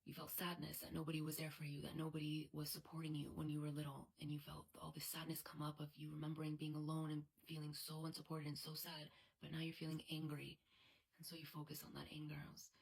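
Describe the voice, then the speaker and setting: A woman guiding an EFT tapping session, speaking softly and often slipping into a whisper. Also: deep voice, monotone, fast, gravelly, husky. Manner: soft, frequently whispered delivery. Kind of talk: guided tapping instruction.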